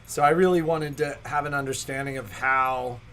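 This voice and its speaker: Rambling mid-pitched livestream co-host. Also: fairly even intonation, normal speed, a bit bright, slight background noise. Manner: thoughtful, rambling with fillers. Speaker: store co-host. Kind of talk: casual livestream chat. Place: sewing shop.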